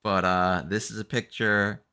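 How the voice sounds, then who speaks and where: A man hosting a casual livestream chat, animated, repeating himself and laughing often. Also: lowish voice, unhurried, clear, resonant tone. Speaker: host.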